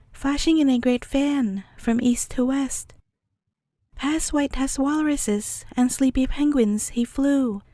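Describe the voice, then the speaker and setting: A woman storyteller reading a fairy tale aloud at bedtime, calm and measured. Her voice is high yet mellow, recorded close and dry. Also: no room sound.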